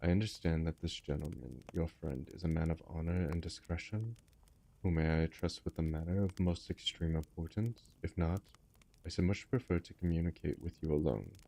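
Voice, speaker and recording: A masked Bohemian nobleman, imposing and secretive, as a man reads him in a storybook. He speaks formally and guardedly in a low, gravelly, husky voice with a dark tone. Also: moderate pace.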